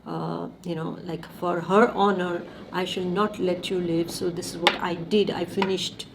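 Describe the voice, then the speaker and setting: A woman's voice: on the low side, little pitch movement, unhurried, creaky, noisy background. A woman voicing an angry young man avenging his sister, unapologetic, in a spoken story.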